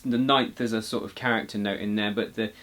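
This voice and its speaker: A man teaching jazz guitar in a relaxed, casual way, explaining notes while he plays and counting beats aloud. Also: lowish voice, brisk. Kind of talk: casual music lesson. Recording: loud guitar under the voice. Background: guitar playing.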